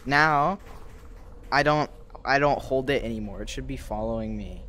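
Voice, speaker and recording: A man streaming a video game, chatting casually and excitably with friends. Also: medium pitch, normal speed, background noise. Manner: excitable, yelps and laughs, lively. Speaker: gaming streamer. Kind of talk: casual gameplay chat.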